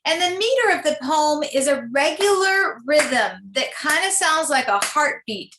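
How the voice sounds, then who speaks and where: A woman teacher giving a poetry lesson, reading verse aloud slowly and explaining it in a gently instructive way over a computer mic. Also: high-pitched, animated, noisy background. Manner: slow, deliberate, gently instructive. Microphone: computer mic, screen-share lesson.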